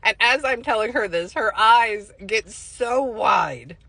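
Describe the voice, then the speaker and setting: A woman's voice: fairly high pitch, slow, creaky, no room sound, rough recording. A woman working as a psychic medium, telling a casual story and acting out the voices of the people in it. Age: adult with a young son. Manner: animated, acts out quoted voices.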